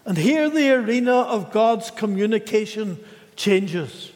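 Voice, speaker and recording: A man preaching a sermon in a slow, measured way, with dramatic pauses. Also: high voice, lively intonation, a little mellow, in a large hall.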